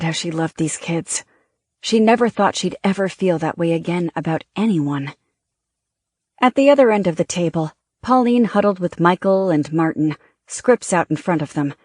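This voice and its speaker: An audiobook narrator reading a novel in a steady, measured way. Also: mid-range voice, dry recording, clean studio sound.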